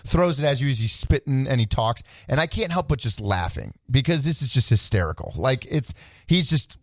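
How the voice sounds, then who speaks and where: Male radio co-host, mid-pitched, dry close sound, rambling storyteller. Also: expressive, a little fast, dry recording. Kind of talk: casual storytelling.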